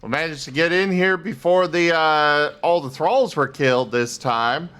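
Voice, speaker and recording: A man hosting a casual gameplay livestream, chatting and thanking viewers with frequent filler pauses. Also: on the high side, fairly bright tone. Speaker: livestream host.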